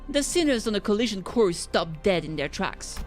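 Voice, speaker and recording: A woman's voice: medium pitch, very animated, moderate pace, soft background music. A woman streamer reading a game's story aloud, sometimes stumbling and correcting herself.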